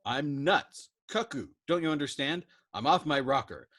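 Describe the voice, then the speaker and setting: A man plays an agitated young airman, a bombardier who argues in a frantic, emphatic way. He pitches his voice above his natural one, landing fairly high and fairly bright, animated at a moderate pace.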